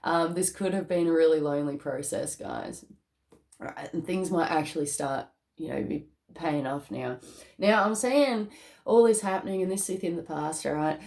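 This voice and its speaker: A tarot card reader gives a casual spiritual reading to camera, chatty and loose, with lots of fillers and frequent laughter. Her slightly low voice is gravelly and full of fry, a little mellow, and she speaks at a moderate pace while being very animated, casual and emotional.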